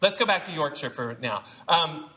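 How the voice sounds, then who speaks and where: A man's voice: on the high side, expressive, moderate pace, pushed and bright, low-quality recording. A man in his forties giving a rambling, chatty dialect lesson to actors at a read-through, laughing often. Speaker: dialect coach. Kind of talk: informal acting lesson talk. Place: theater rehearsal room at a read-through.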